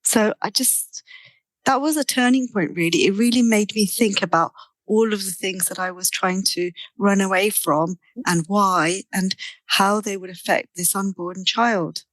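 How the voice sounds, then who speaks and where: Middle-aged woman guest, mid-pitched, dry close sound, chatty storyteller who repeats herself. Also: measured pace, no echo. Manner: animated storyteller, frequent repetitions. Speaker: guest therapist. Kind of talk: personal storytelling in interview.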